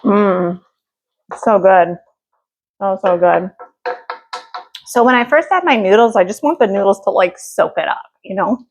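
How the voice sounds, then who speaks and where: A woman's voice: medium pitch, lively intonation, a little fast, hardly any pauses, soft background music. Chatty woman hosting a cooking show. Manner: rambling, chatty, many fillers. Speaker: cooking vlog host. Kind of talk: casual cooking chat.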